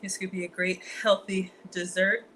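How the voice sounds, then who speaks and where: A woman's voice: medium pitch, little pitch movement, moderate pace, fairly bright tone. Woman home-cook vlogger, casual y'all chatter, noisy kitchen. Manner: chatty, addresses viewers as y'all. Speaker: cooking vlogger. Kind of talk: casual cooking demonstration.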